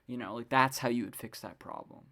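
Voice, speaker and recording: A woman's voice: extremely low pitch, brisk, vocal fry, fairly bright tone. Rambling, swearing woman podcaster. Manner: rambling, many fillers and frequent swearing; exasperated ranting. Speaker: podcast host. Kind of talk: casual solo podcast monologue.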